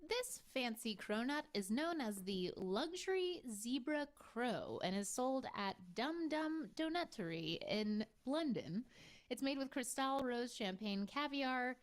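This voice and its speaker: A woman off camera reads out product details briskly and informatively. Her voice is high and bright. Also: animated. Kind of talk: reading product descriptions.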